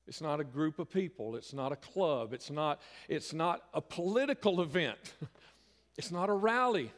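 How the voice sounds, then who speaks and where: A man's voice: on the high side, animated, moderate pace. A middle-aged man, a pastor giving a folksy, conversational sermon that swells into emphatic bursts. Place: church sanctuary. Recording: reverberant church hall.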